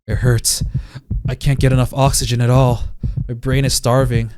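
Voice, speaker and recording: A man's voice: medium pitch, flat delivery, normal speed, noisy background. A man reading a visual novel aloud in a dramatic voice, breaking off with laughing reactions, game music behind him. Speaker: let's play streamer.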